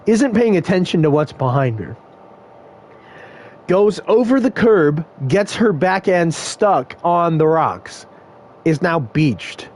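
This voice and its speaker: A man's voice: on the high side, expressive, takes it slowly, a little mellow. A young man casually telling a story from work, rambling, swearing and laughing often.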